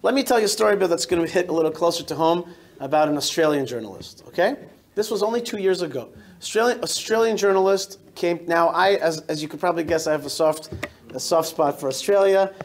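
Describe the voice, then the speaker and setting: A man in his forties, a rabbi giving a lively storytelling talk to a synagogue congregation, often restarting and repeating words. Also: on the high side, fast. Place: synagogue hall.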